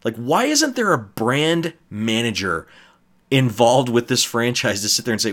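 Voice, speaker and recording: A man's voice: mid-range voice, big pitch swings, unhurried, a bit bright. A man giving a casual spoken film review, exasperated and ranting, swearing often.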